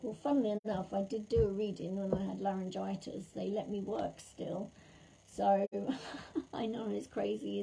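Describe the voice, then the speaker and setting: A woman, a psychic medium, chatting warmly with viewers during a livestream reading while her throat is sore and scratchy. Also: mid-range voice, vocal fry. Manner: chatty and affectionate, calls viewers lovely and darling. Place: at home.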